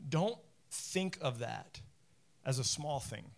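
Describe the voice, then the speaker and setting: A man's voice: medium pitch, slow, creaky. A young adult male pastor preaching a sermon, telling a Bible story with jokes, asides and little acted-out voices. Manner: animated, jokey storytelling preacher.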